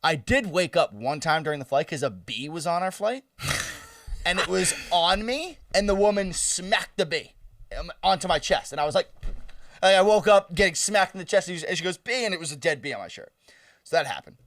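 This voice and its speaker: A man's voice: high-pitched, expressive, normal speed, a bit bright, far from the mic. A young man in his twenties, co-hosting a podcast, telling a story in a loose, profane, laughing way. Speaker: podcast co-host. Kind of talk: casual storytelling chat.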